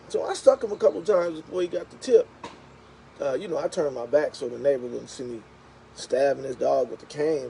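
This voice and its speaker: An animated storyteller, this man chats to viewers of his livestream in a warm, mellow voice that sits a little high. Faint traffic noise hums behind him. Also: moderate pace, gravelly, low-quality recording. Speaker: live streamer.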